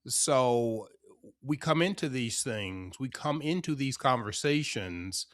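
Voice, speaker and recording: A man's voice: medium pitch, lively intonation, slow, dry recording, clean studio sound. A man hosting a podcast interview, asking thoughtful, searching questions. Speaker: podcast host. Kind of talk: interview conversation.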